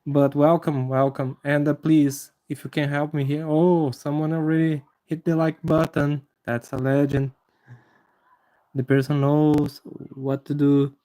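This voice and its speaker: Mellow-voiced man teaching live anatomy drawing. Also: on the high side, level tone. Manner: halting, many fillers and restarts, friendly to viewers. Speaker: anatomy drawing livestream host. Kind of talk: live drawing tutorial with chat greetings.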